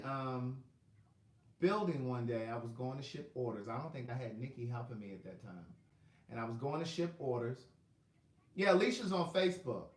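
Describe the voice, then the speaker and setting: Chatty man on an echoey phone stream. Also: mid-range voice. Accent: Southern US. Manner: chatty, rambling, talks to viewers by name while checking his phone. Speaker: livestream host selling books. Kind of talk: casual live chat with viewers. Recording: echoey room.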